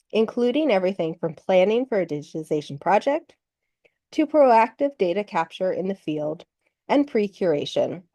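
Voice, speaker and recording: A woman giving a webinar talk, steady and explanatory, pausing now and then to clear a slight cough. The sound is dry and close, with no room around her. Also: medium pitch, no room sound. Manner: measured explanatory delivery, clearing throat between points. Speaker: webinar presenter. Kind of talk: presenting slides in a webinar.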